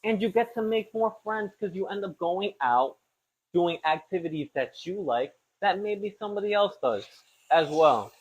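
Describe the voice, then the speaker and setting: A man's voice: high voice, lively intonation, normal speed, slightly rough. A young man hosting a podcast, chatting casually and rambling with self-deprecating asides while he cooks in a home kitchen. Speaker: podcast host. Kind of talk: casual chat while cooking. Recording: slightly dull lo-fi audio.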